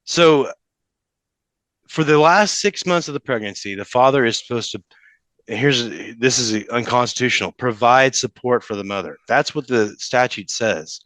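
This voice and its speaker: A young adult man, a podcast guest, talking emotionally with halting restarts. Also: mid-range voice, fairly bright tone, no echo. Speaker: podcast guest, father in custody case. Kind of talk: casual interview talk.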